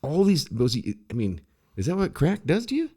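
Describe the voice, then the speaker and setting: A man's voice: fairly high pitch, wildly swooping pitch, moderate pace, warm tone. A man ranting bluntly in casual podcast chat, swearing freely. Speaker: podcast co-host.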